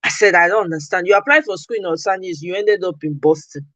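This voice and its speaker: A woman's voice: lowish voice, fast talker, no echo, highs cut off. A Nigerian woman hosting a casual talk, telling a story with animation and acting out what she said. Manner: animated storytelling, acts out her own quoted replies. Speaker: podcast host. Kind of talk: casual chat.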